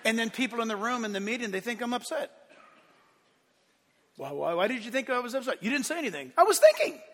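A male pastor delivers a sermon with a high, bright, forceful voice. He rises into emphatic bursts and drops to quiet asides. The sound carries the long reverb of a church hall. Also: fast.

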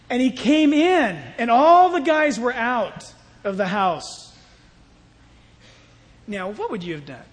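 A man pastor preaching a sermon in an animated, playful way, acting out Bible scenes as he goes. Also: very high voice, unhurried, long reverb tail.

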